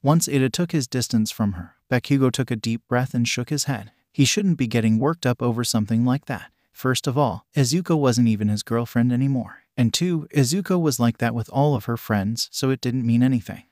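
A man narrating a fan fiction story in a steady, even reading. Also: medium pitch, a little fast, hardly any pauses, no echo, clean studio sound.

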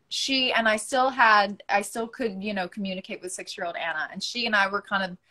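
A woman's voice: medium pitch, normal speed, sharp tone. Earnest woman telling a personal story. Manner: earnest, storytelling, acts out quoted voices. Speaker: guest, actress and mental health advocate. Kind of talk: candid emotional conversation.

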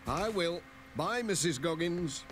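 A man's voice: fairly high pitch, lively intonation, unhurried. An actor voicing a cheerful, kindly village postman in a children's cartoon, chirpy and reassuring, with music playing behind.

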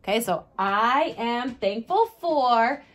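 A woman teaching a kindergarten writing lesson, sounding out letters slowly and putting on exaggerated dismay at messy handwriting. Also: on the high side, expressive, a bit bright, slight background noise. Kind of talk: recorded writing lesson for young children.

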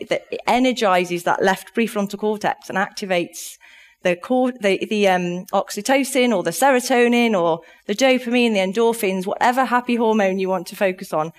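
A woman's voice: mid-range voice, moderate pace. Upbeat woman giving a keynote. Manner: upbeat, chatty, laughs often. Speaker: keynote speaker. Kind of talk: conference keynote talk. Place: conference room with live audience.

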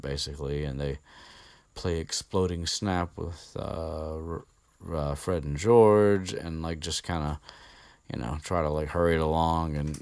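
A man's voice: rumbling low, darkish tone, smooth, no room sound. A man hosting a podcast, recapping a book in a rambling, chatty way and swearing casually. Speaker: podcast host.

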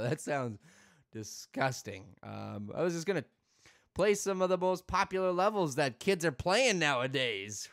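Male gaming host, silly and excitable, higher than most men, unhurried delivery. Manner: goofy, excitable, laughs often. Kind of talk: let's play commentary.

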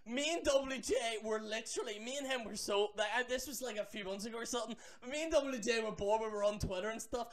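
A man rants to his camera about wrestling fans. He is animated and profane, tossing in mocking asides and quick restarts. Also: extremely high pitch. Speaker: wrestling vlogger. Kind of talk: ranting commentary.

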